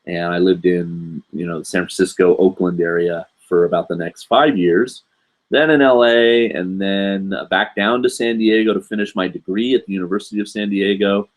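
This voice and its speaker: A man's voice: low-pitched, fairly even intonation, normal speed. A man in his forties from the United States, hosting a live show and chatting in a rambling way, with lots of fillers and asides. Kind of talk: casual live stream chat.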